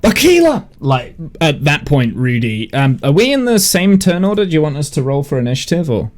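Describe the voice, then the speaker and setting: A man playing in a tabletop game, chatting casually in a lively way. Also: fairly high pitch, a little fast. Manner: lively, chatty, laughs easily. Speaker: player.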